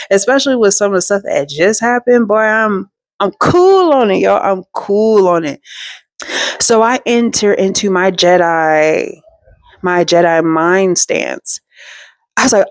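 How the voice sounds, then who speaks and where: A woman's voice: mid-range voice, no echo, studio quality. A woman telling a personal story to her viewers in a chatty, slangy, playful way, with frequent asides. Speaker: storytime vlogger. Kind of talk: casual storytelling.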